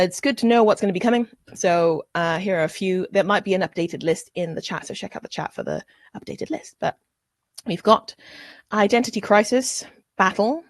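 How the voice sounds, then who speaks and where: A woman's voice: mid-range voice, no room sound. A woman hosts a tabletop roleplaying stream as game master, chatty and prone to giggling between lines. Her voice sits mid-range and sounds dry and close, with no room around it. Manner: chatty and giggly, with frequent fillers.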